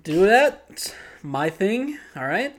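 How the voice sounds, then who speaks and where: This man co-hosts a podcast, and his high voice moves through wide pitch swings at an unhurried pace. He recaps an episode in relaxed conversation, cracking jokes, laughing a lot and making fun of himself.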